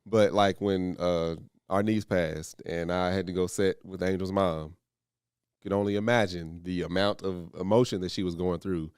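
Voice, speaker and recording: A man's voice: sits low, moderate pace, clean tone, dry recording, clean studio sound. A man in his thirties co-hosting a podcast, telling stories animatedly and acting out the people he quotes. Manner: animated storyteller, acts out quoted voices. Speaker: podcast co-host. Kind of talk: casual chat.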